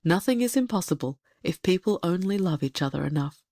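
A solemn, kindly old male rat from a storybook, as a woman reader puts him on, speaking slowly and gravely in a slightly lowered voice. The sound is close and dry. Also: lively intonation, dark tone, dry recording.

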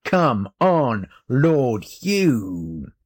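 A man's voice: medium pitch, big pitch swings, drawn-out words, exaggerated voice. A man voicing a headstrong young boy in a storybook, eager and defiant, lifting his voice well above his own. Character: headstrong, indignant young boy turned into a cat.

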